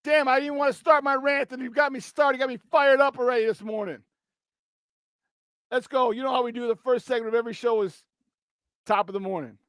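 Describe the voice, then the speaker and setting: A man hosting a sports talk show, ranting bluntly and profanely with a voice strained from yelling. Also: very high voice, steady tone, brisk, clear, resonant tone, dry recording, clean studio sound. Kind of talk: sports talk radio rant.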